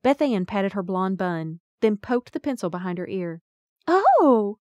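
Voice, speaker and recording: A woman's voice: medium pitch, expressive, normal speed, warm tone, no room sound, clean studio sound. A woman narrating a first-person audiobook in a wry, folksy storytelling manner.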